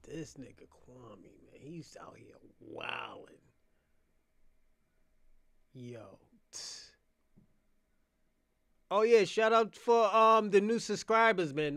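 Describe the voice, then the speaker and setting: A man, hosting his own channel in a casual unscripted monologue, mocking and laughing, swinging between quiet mutters and loud outbursts. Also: high-pitched.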